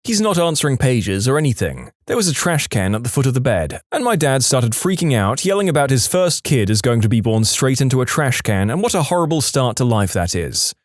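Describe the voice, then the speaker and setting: A man reads out short funny stories as a scripted narration, with an animated, swinging delivery. The recording is dry and close, with no room sound. He drops briefly into comic voices for quoted lines. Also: mid-range voice, a little fast, few pauses, dry recording.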